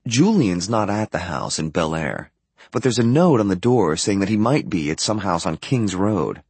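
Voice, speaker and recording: A man's voice: on the low side, breathy edge, no echo. A man reading a first-person novel aloud in a detached, matter-of-fact way. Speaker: audiobook narrator.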